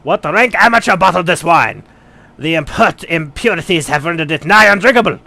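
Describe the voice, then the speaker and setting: A man voicing a snobbish, pompous male wine baron with a put-on accent, haughty and shouting, for a game playthrough. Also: on the high side, lively intonation, a little fast, vocal fry, dry recording, full character voice. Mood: haughty outrage. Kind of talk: let's play voice acting.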